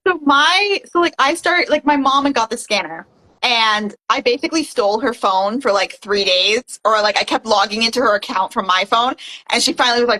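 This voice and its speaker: A young woman from Canada telling a personal story in an animated way, with lots of "like". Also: on the high side, poor audio. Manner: fast and animated, heavy use of "like". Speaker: guest. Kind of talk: casual testimonial storytelling.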